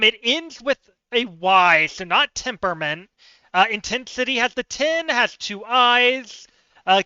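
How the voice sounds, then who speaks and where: A man's voice: sits high, pushed and bright, clean tone, no echo, lo-fi sound. A man streaming live word games, thinking aloud, chatting with viewers and poking fun at himself.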